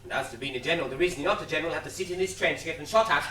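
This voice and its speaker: An actor playing a sardonic, needling older Irish soldier in a stage play, heard from far off in a roomy theatre. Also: male voice, on the high side, very fast, bright, forceful tone. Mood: mocking. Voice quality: wry, theatrical, mocking. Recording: roomy theatre sound from far off, faint noise.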